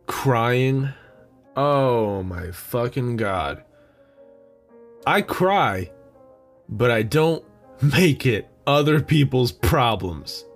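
A young man hosting a podcast alone, rambling through a sarcastic, swear-heavy comedic rant. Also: medium pitch. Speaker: podcast host.

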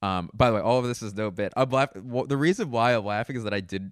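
A man's voice: medium pitch, fast, few pauses, no echo, clean studio sound. A man around thirty talking in a casual, rambling monologue at home, often mocking himself and laughing. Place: indoors at home.

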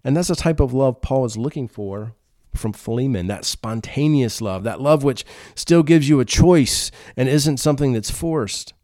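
A man preaching a sermon in an earnest, conversational way. His voice is mellow and warm, at an ordinary pitch for a man. The sound is dry and close, with no room echo. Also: moderate pace. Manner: earnest, conversational, repeats words. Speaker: pastor.

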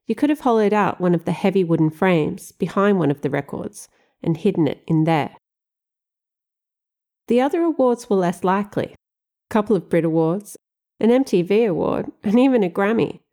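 A woman reads a first-person audiobook with wry, expressive delivery. Her voice sits fairly low for a woman and has a soft, mellow tone. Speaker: audiobook narrator.

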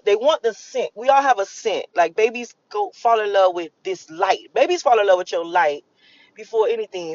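A woman's voice: medium pitch, a little mellow, no echo. A woman delivers a loose, swearing monologue, circling back over the same points as she explains the energy she is picking up. Her delivery is emphatic and conversational. The recording is slightly dull and lo-fi. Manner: rambling, emphatic and profane, with repetitions. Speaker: vlogger giving a spiritual channeling reading. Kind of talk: casual spoken monologue.

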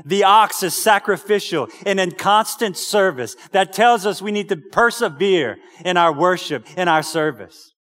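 A man with a high, light voice preaches a sermon and calls out for his congregation's amens. His words ring with a long reverb in a church sanctuary. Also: measured pace, few pauses, a bit bright. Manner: exhorting, calls out "Amen?" to the congregation.

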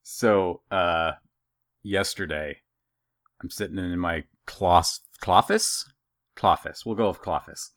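A man's voice: low voice, slow pace, dry recording, studio quality. A man in his thirties telling funny stories on a podcast, acting out what other people said. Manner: animated storyteller who acts out other people's voices. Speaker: podcast co-host. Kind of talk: casual storytelling.

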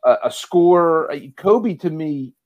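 A man's voice: on the high side, lively intonation, unhurried, phone-quality sound. A man co-hosting a casual sports podcast, hesitant and full of fillers. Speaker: podcast co-host.

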